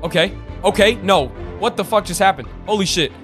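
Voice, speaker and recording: High-voiced excitable young gamer guy. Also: a little fast, faint music behind. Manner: excitable, swearing, trash talk, pleads with teammates. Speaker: gaming YouTuber. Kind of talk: live gameplay commentary.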